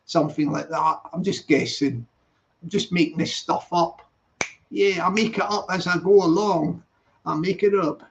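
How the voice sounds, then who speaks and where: A man's voice: sits high, moderate pace. A Scottish man hosting a casual live stream, rambling playfully and repeating greetings to his viewers. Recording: dull lo-fi stream audio.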